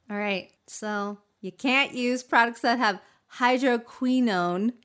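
A young woman chatting as a podcast host, her voice bright and sharp. She giggles easily and stumbles over long words in a casual, friendly flow. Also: fairly high pitch, slow. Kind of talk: casual beauty podcast chat.

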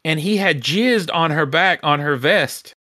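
A man on a casual podcast telling a workplace story in a lively, animated way, acting out the people he quotes. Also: fairly high pitch, measured pace, no room sound, studio quality. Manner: animated storyteller who acts out quoted voices.

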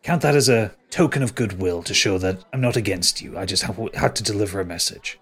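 A man's voice: fairly low pitch, fairly quick, a bit bright, breathy edge. A man voicing a smug male bard who stole another's name, theatrical and fawning, with a thread of menace. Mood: menacing. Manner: theatrical, fawning stage patter.

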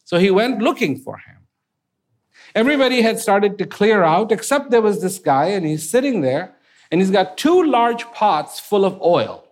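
Animated male storyteller, lively pitch. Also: moderate pace. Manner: animated, conversational with fillers. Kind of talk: casual spoken storytelling.

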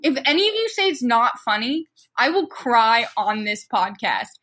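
A young woman with a high, bright voice co-hosts a casual podcast. She reads fan fiction aloud in a playful, mock-dramatic way and swears freely as she jokes with her friends. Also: very animated, moderate pace.

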